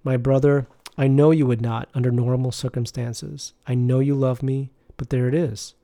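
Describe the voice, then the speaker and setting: A man voicing a serene, patient male spiritual teacher who speaks slowly and tenderly, like preaching. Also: mid-range voice, little pitch movement, warm tone, dry recording, clean studio sound, close to an everyday voice.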